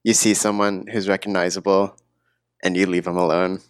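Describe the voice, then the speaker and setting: A man's voice: sits low, level tone, normal speed, no room sound. A man co-hosting a casual podcast who laughs often between phrases. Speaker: podcast co-host. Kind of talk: casual chat.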